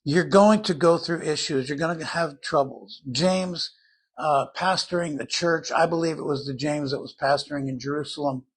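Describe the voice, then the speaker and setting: An older man preaching a sermon in an earnest, conversational Bible-teaching manner, with a husky voice. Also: a little high, normal speed.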